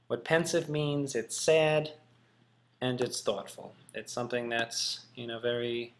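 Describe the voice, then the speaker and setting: A man's voice: medium pitch, slight background noise. A man teaching in a casual, musing way, thinking aloud with frequent ums. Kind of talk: casual classroom explanation.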